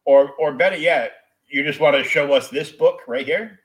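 A man's voice: on the high side, moderate pace, poor audio. A man on a video call, casually guiding someone through sharing a screen step by step. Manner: helpful, giving step-by-step directions. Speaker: podcast guest. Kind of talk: casual podcast chat.

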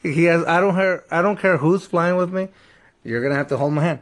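A man in a casual chat, telling a story in an excitable way, with frequent restarts and laughs. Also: a little high, a little fast. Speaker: podcast co-host.

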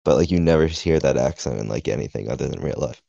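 A young man with a very deep, gravelly voice chats casually, halting and restarting as he searches for words. The recording is dull and lo-fi with a close, dry sound. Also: warm tone, no room sound. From New England. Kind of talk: casual chat.

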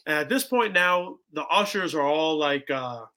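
A young man telling a story on a podcast, casual and animated, acting out what people said with lots of "like" and "bro". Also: on the high side, moderate pace. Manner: animated, acts out quotes, heavy "like" and "bro". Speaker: podcast guest.

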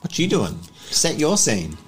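A man narrating a tabletop role-playing game as game master, in a rambling, relaxed manner full of fillers. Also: a little high, a little slow, soft background music.

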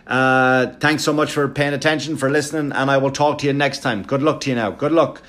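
Man, comedian podcast host, profane, animated storytelling, mid-pitched voice. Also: a little fast. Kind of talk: casual storytelling monologue.

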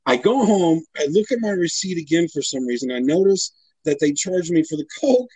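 A man's voice: fairly high pitch, big pitch swings, fairly quick, mellow, slightly rough, no echo, low-quality recording. A man casually telling a story, exasperated and swearing, acting out what everyone said. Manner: profane, exasperated, acts out quotes.

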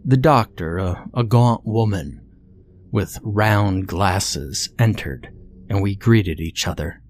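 Somber low-voiced man narrating horror. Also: slow, a little mellow, a little hiss or hum.

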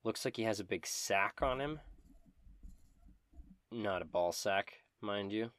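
A man narrating as game master of a tabletop game, setting scenes slowly with playful asides. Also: on the low side, fairly bright tone, no echo, studio quality.

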